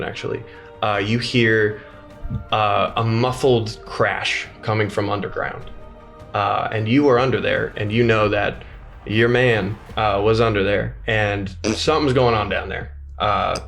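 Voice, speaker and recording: Halting male game master narrating. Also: on the low side. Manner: halting, full of fillers.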